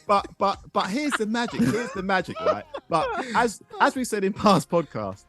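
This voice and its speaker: A middle-aged man from England hosting a podcast in casual chat, excitable and quick to laugh. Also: high-pitched, faint music behind. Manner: excitable, directs the game, laughs often. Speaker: podcast host.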